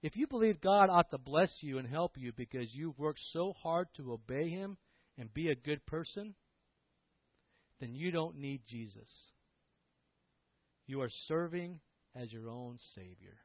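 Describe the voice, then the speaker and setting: An emphatic male preacher delivering a sermon, his fairly high voice swinging widely as he presses rhetorical questions. The sound is thin and tinny, like a phone line. The audio is dry, with no room echo. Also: animated, unhurried, long pauses.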